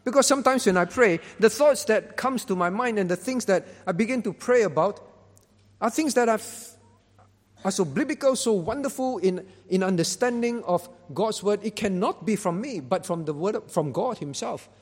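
Emphatic high-voiced male pastor preaching. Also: animated, moderate pace, big-room sound. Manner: emphatic, rising to loud stresses; repeats words while building a point. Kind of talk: sermon.

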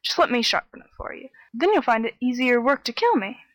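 A woman's voice: on the high side, sing-song, brisk, fairly bright tone, dry recording. A woman voicing a clever, cheeky young man in a storybook reading, in a raised, pert voice. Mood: coaxing. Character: clever young male hero, cheeky and bold.

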